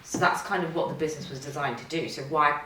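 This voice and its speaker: A woman's voice: deep voice, steady tone, fast talker, noisy background. A woman, a company founder as guest, talking enthusiastically in a casual chat and agreeing often. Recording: roomy sound from some distance.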